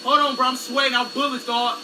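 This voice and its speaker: Frantic high-voiced young man yelling at chat. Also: level tone, brisk. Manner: frantic, yelling and pleading, repeating himself. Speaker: livestreamer. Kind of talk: live stream talking to chat. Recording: distant mic with loud vacuum noise. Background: vacuum cleaner running.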